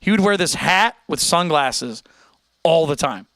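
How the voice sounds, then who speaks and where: Animated American man chatting on stream. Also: a little high, measured pace, no echo. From United States. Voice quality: animated, chatty, talks straight to chat. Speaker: live-stream host. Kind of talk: casual live-stream chat.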